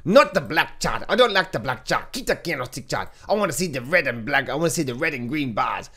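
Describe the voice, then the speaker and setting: A man's voice: medium pitch, very animated, brisk, sharp tone, full character voice. A man putting on the voice of a whiny, demanding male viewer who keeps begging and complaining. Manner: whining, pleading, repetitive.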